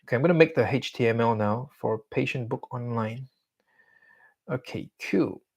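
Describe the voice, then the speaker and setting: A man's voice: medium pitch, normal speed, gravelly, darkish tone. A young man talking to himself while he codes for a vlog, mumbling and humming filler sounds as he types. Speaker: vlogger coding on camera. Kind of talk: casual self-talk while working.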